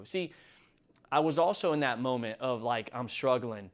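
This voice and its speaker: A middle-aged man giving an emphatic motivational talk as the host, building from calm reflection to near shouting. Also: mid-range voice, normal speed. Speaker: motivational speaker.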